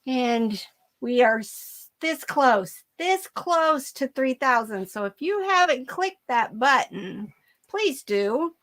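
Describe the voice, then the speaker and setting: A woman's voice: high-pitched, lively intonation, slow pace, fairly bright tone. A woman hosting a live stream about reselling, chatting casually in an upbeat way and often repeating her own phrases. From Germany. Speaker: reseller channel host.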